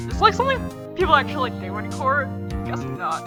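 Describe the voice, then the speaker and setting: A woman's voice: high-pitched, wildly swooping pitch, quick pace, over loud music. A woman hosting a let's play, dropping playful asides between voiced dialogue. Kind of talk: casual game commentary with voice acting.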